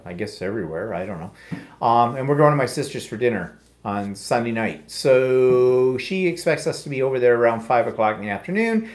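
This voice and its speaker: A middle-aged man with an Ontario Canadian accent, co-hosting a casual live chat in a wry, self-deprecating way. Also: medium pitch. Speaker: co-host.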